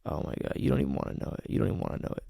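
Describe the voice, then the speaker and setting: A man putting on a slow, commanding, half-whispered voice as a dominant lover in whispered role-play. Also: mellow, no echo, studio quality, lightly acted. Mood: low, dominant. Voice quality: low, breathy, half-whispered. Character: dominant man murmuring explicit promises to a lover.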